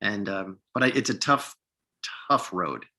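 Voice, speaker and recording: A man in his sixties from upstate New York, an actor telling lively stories from his career in a casual interview, acting out the lines of people he quotes. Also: lowish voice, unhurried. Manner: animated storyteller, acts out quoted lines, many restarts. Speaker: actor guest.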